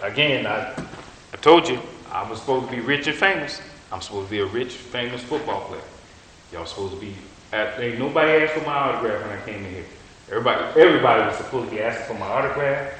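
A man preaches in a loose, storytelling way, his forceful, bright voice ringing through a big reverberant hall. Faint noise sits under the long echo. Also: mid-range voice. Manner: storytelling, animated, colloquial. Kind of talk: sermon. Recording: echoey hall.

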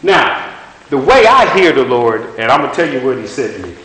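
Echoey preacher man, folksy and halting. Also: mid-range voice, sing-song, a bit bright. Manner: halting, restarts and repeats words, folksy; asks the listeners rhetorical questions. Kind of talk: sermon. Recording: very echoey room with faint hiss.

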